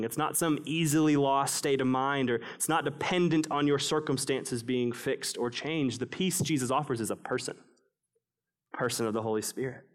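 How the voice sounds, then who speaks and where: A male pastor preaching a sermon, swinging between raised, emphatic passages and hushed, low ones.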